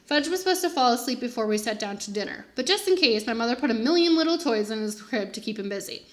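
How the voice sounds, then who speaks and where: A woman teacher reads a children's chapter book aloud to her class. Her narration is expressive and animated, her voice somewhat high. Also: fast talker. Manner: expressive first-person narration. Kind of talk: storybook read-aloud for children.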